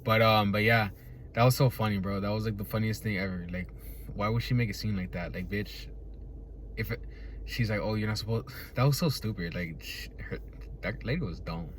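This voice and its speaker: Low-voiced laid-back profane young man. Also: moderate pace, slight background noise. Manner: profane and laid-back, often laughs, keeps asking "right?". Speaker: podcast host. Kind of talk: casual rambling monologue.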